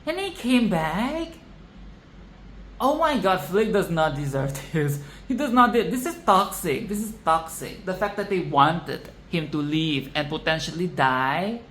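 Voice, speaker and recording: A film vlogger in an exasperated, swear-filled rant who keeps repeating lines for emphasis. The talk drags slowly, and the voice rings in an echoey room over a faint hiss of background noise. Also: medium pitch, expressive, a bit bright. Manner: profane, exasperated ranting. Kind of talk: casual film commentary rant.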